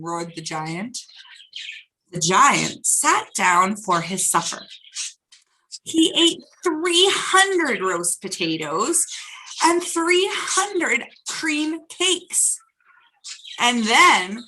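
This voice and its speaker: A woman's voice: fairly high pitch, drawn-out words, slightly rough, low-quality recording. A woman hosting a children's storytime, reading a picture book aloud and asking the kids questions as she goes. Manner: animated, asks the children questions.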